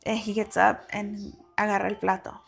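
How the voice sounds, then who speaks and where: A woman's voice: mid-range voice, flat delivery, brisk, creaky. A woman talking frankly and profanely as a guest, telling a personal story with Spanish phrases mixed in.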